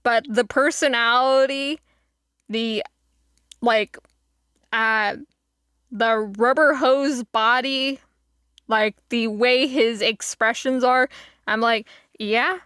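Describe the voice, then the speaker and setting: Woman streamer rambling slowly to chat, bright clear voice, dry sound, lots of likes and ums. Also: a little high, fairly even intonation, dry recording. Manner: rambling, lots of fillers and laughing asides. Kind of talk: casual live-stream chat.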